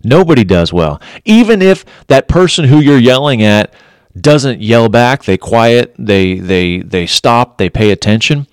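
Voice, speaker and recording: A man's voice: low voice, dry recording, studio quality. A middle-aged man, a former police officer, giving blunt relationship advice and repeating his points for emphasis. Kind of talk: earnest direct-to-camera advice talk.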